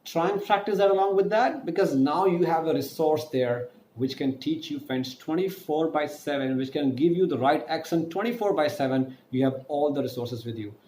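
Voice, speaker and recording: A man's voice: on the high side, darkish tone, a little hiss or hum. A man teaching an online French lesson, spelling words letter by letter and drawing out each pronunciation. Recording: echoey room with faint ambience.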